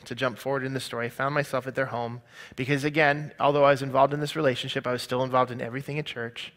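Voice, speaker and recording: A man's voice: mid-range voice, fairly bright tone. A man giving an earnest, confessional personal testimony as a sermon. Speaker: speaker sharing his testimony.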